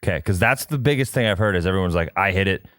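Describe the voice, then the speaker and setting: A man's voice: deep voice, expressive, very fast, fairly bright tone, no room sound, clean studio sound. A man co-hosting a casual golf podcast, asking pointed, dryly skeptical questions. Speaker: podcast co-host.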